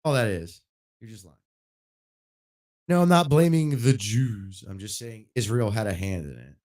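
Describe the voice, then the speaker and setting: A man ranting casually and bluntly while streaming a game, swearing often and getting louder when worked up. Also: fairly low pitch, animated, normal speed. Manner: blunt and profane, rising loud when worked up. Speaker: gaming livestreamer.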